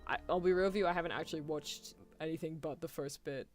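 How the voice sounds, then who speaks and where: A young British woman streaming, her voice sitting a touch low for a woman. She chats casually in an animated, rambling way and laughs easily, with faint music underneath. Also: fast talker. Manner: chatty and animated, with frequent laughs and apologies. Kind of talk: casual chat.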